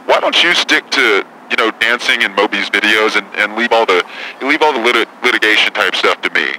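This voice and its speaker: A rude, touchy female talk-show celebrity with a crisp, bright edge to the voice, as a man impersonates her, cursing and snapping at anyone who questions her. Faint noise sits behind it. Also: on the low side, expressive, fairly quick, rough recording. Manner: crude, defensive, swearing. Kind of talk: improvised comedy impression.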